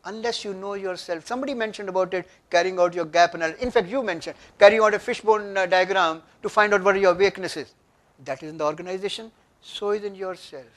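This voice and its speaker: A man's voice: high-pitched, fast. An older man with an Indian English accent giving an emphatic motivational workshop talk and often asking the audience questions. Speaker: workshop speaker. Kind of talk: motivational lecture. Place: conference room.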